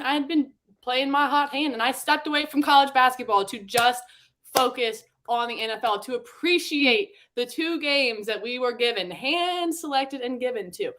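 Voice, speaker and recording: A woman's voice: high-pitched, normal speed, a bit bright. A young woman in her twenties, hosting a casual sports betting chat, candid and chatty, swearing freely. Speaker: sports betting show host.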